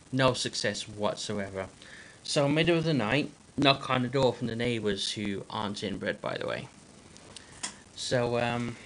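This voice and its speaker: A man's voice: mid-range voice, a bit bright, a little hiss or hum. A man hosting a livestream, telling a joke casually with many fillers and restarts. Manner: halting, full of fillers and restarts. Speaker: livestream host.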